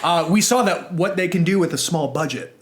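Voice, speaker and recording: A man's voice: high-pitched, fairly quick. A young man co-hosting a casual comics show, playful and teasing. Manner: playful, teasing feigned surprise. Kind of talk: casual chat.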